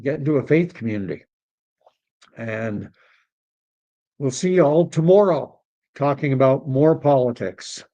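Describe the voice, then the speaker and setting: A man's voice: medium pitch, expressive, a little slow, long pauses, mellow. A Canadian man hosting a political livestream, chatting casually and rambling as he reacts to messages from viewers. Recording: dull lo-fi stream audio.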